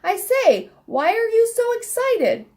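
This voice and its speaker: A woman's voice: high-pitched, big pitch swings, slow pace, pitched above the performer's own voice, exaggerated voice. A woman reading a children's storybook aloud, voicing a kindly, chatty female sparrow who chirps and chuckles as she fusses. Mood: chirpy.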